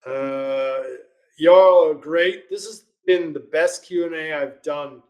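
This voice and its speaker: Speaking slowly in a voice on the high side with a darkish tone, a man hosts a live legal Q&A stream. He reads questions from viewers in a relaxed, chatty manner, frequently laughing.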